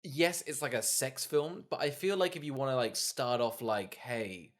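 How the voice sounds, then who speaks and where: A man's voice: medium pitch, animated, normal speed. A man co-hosting a podcast, chatting casually about a film with wry asides and laughter. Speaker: podcast co-host. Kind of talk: casual comedic film chat.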